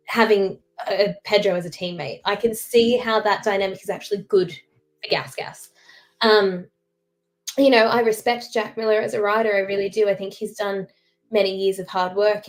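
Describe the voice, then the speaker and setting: Woman, Northern Irish accent, young adult, podcast co-host, opinionated, casual chat. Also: mid-range voice. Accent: Northern Irish, Derry. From Northern Ireland. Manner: opinionated, fast analytical talk with fillers.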